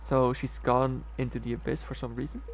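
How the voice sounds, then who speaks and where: Man voicing an alarmed young king, earnest, gravelly. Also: mid-range voice, little pitch movement, a little fast, a little hiss or hum, close to an everyday voice. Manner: reading game dialogue aloud. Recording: game music playing behind.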